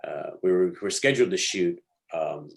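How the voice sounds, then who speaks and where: A young adult man, an actor guest, telling lively stories in a casual interview and acting out what people said. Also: low voice, moderate pace, gravelly. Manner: animated storyteller, slangy, acts out quotes.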